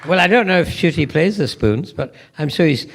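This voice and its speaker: A man's voice: fairly high pitch, expressive, a little fast, creaky, crowd noise, background noise. An older man with a Scottish accent, the guest of honour answering fans at a convention Q&A with rambling, playful anecdotes.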